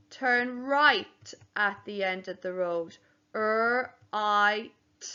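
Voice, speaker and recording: A woman's voice: mid-range voice, bright, forceful tone, clear, resonant tone. A woman teacher giving a home learning spelling lesson to young children, spelling each word out letter by letter. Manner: slow, spells words out letter by letter. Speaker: primary school teacher. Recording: dull lo-fi home recording.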